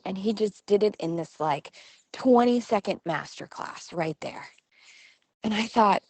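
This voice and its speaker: Podcast host, middle-aged woman, slightly low voice, dry close sound, animated storyteller. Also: vocal fry, dry recording. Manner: lively storytelling, acts out quoted voices. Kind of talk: storytelling monologue.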